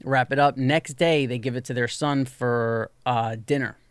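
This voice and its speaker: Man telling an animated anecdote. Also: mid-range voice, moderate pace, clear, resonant tone, dry recording. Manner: animated storyteller, lots of "like", acts out quoted people. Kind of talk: casual storytelling chat.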